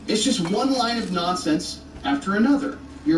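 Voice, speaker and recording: A man's voice: sits high, lively intonation, moderate pace. A man giving argumentative commentary, rebutting a video in a sarcastic, exasperated rant. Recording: roomy, distant with faint noise.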